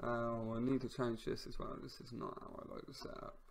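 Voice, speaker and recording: A man giving casual commentary on his own football management game, excitable, shouting at near misses and goals, and wry about the player names he stumbles over. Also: medium pitch, fairly quick, noisy background. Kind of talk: casual let's-play commentary.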